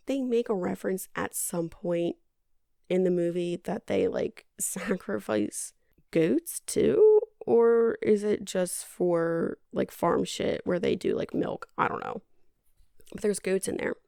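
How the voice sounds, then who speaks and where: A woman's voice: medium pitch, vocal fry, dark tone, no echo. A woman podcast host giving a casual movie recap in a dry, sarcastic, rambling way.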